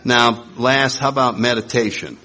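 A man's voice: mid-range voice, normal speed, background noise. A man speaking at a recovery meeting, telling humorous, self-mocking stories and acting out his past self. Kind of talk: humorous storytelling talk.

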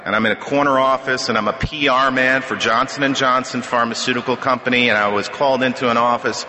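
A man's voice: medium pitch, fairly even intonation, quick pace, sharp tone. A middle-aged man sharing his personal story at a recovery meeting podium, telling it conversationally with self-deprecating humor. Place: meeting hall. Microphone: podium microphone. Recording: echoey hall with long reverb.

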